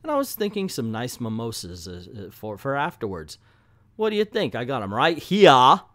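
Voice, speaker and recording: A man voicing a folksy small-town hick chatting about dinner, in a rushed, singsong mock-folksy delivery. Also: mid-range voice, huge pitch swings, fairly bright tone.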